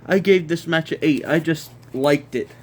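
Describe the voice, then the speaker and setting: A man's voice: fairly high pitch, normal speed. A man hosting a casual wrestling review, ranting in an exasperated way, repeating himself and stumbling over restarts.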